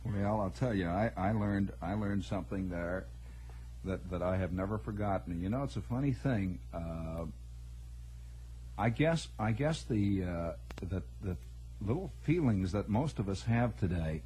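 A man reflecting aloud in a radio monologue, halting over words and then pressing his point. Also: lowish voice, dark tone. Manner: musing, halting restarts, rising to emphatic asides. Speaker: storyteller.

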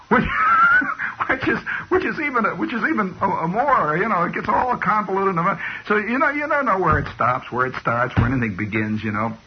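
A man's voice: a little high, husky. Rambling man on old lo-fi radio. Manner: digressive, many restarts and "you know"s. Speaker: radio host. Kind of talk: rambling comic radio monologue. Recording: dull lo-fi old radio recording.

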